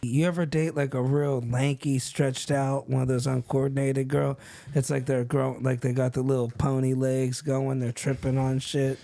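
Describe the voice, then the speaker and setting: A man telling wild stories in casual chat, animated and laughing as he acts out other people's lines. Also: mid-range voice, moderate pace, vocal fry, no room sound.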